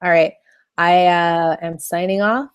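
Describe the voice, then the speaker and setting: A woman's voice: fairly low pitch, steady tone, a little slow, clean tone, dry recording, lo-fi sound. A woman coaching in a casual video training, chatty and loose with many fillers. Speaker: online business coach.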